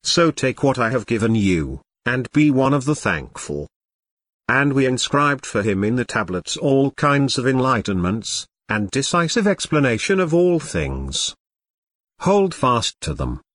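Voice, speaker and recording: A man's voice: medium pitch, a bit bright, no room sound. Solemn man reading scripture, dry close voice. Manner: slow, measured, solemn phrasing.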